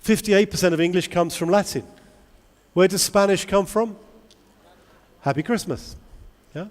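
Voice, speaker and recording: A man giving a lively conference talk to English teachers, asking the audience many questions. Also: sits high, normal speed. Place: large convention hall. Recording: long hall reverb.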